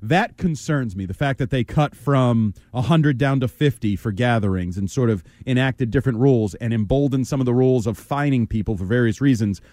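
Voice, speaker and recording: A man's voice: mid-range voice, fairly quick, hardly any pauses, darkish tone, no echo, clean studio sound. A man co-hosting a sports radio show, trading wry, sarcastic remarks in casual banter.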